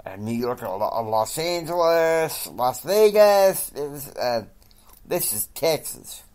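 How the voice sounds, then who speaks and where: A man's voice: expressive, a little slow. A man doing JR, a raging young boss. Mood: furious. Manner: shouting tirades, higher and louder than the narration. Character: furious young male CEO, ranting boss.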